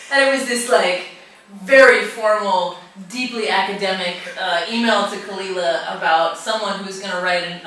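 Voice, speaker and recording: A woman, a teacher, chatting casually on a podcast, often laughing as she tells stories. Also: medium pitch. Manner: laughing often, animated storytelling. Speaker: teacher and restorative justice practitioner. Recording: echoey room, far from mic.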